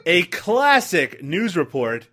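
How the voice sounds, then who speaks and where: A man's voice: high voice, sing-song, slow, bright, forceful tone. A man co-hosting a casual movie commentary show, joking, swearing and laughing often. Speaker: movie review podcast co-host.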